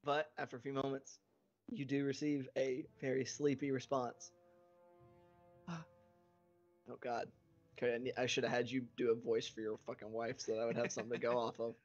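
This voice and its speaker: A man's voice: mid-range voice, level tone, moderate pace, long pauses, muffled recording, soft background music. A man running a tabletop game, narrating casually and joking with players. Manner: laughing, loose, swearing. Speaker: game master.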